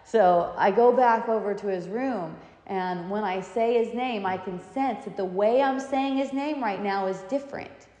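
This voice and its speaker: Woman, mid-pitched, chatty spiritual teacher telling a personal story; reverberant hall sound. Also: a little slow, hardly any pauses. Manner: animated and chatty, with frequent restarts and laughs. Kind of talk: reflective spiritual talk with personal anecdotes.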